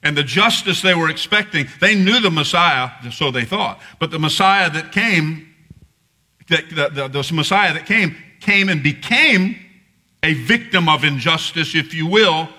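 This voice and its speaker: Bright-voiced pastor preaching a sermon. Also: male voice, fairly high pitch, expressive, a little slow. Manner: conversational, rises to emphatic preaching. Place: church sanctuary.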